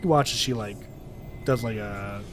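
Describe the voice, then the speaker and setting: A man's voice: on the low side, normal speed, music in the background. A man narrating a tabletop game as game master, in a casual, hesitant way.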